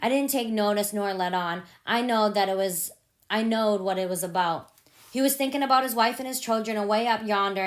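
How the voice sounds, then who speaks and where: A woman narrating a novel in the first person, in steady, measured storytelling. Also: mid-range voice. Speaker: audiobook reader.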